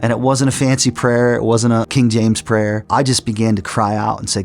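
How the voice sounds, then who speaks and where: A man's voice: medium pitch, little pitch movement, normal speed, hardly any pauses. A middle-aged man telling his personal testimony in an earnest storytelling way, with frequent restarts. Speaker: testimony speaker. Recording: soft music underneath.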